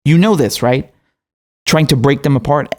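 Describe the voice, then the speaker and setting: A man's voice: mid-range voice, normal speed, darkish tone. A young man hosting political commentary, indignant and profane, often laughing.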